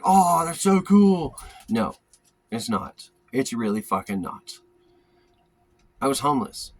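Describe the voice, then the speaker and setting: A man ranting in a loose, casual monologue, blunt and profane, who keeps jumping into other people's voices as he tells a story. His pitch sits in an ordinary middle range. Steady background noise and clicks run under the recording.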